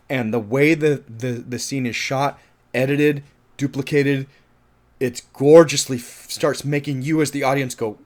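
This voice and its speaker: A man giving a casual film review monologue, animated and profane, laughing at his own points and turning loud when he finds something absurd. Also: medium pitch, unhurried.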